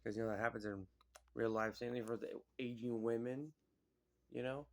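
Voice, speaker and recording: Rambling casual man, mid-pitched, loose recap delivery, heavy on fillers. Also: fairly even intonation, moderate pace. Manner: rambling, filler-heavy, lots of "like" and "you know". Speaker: vlogger.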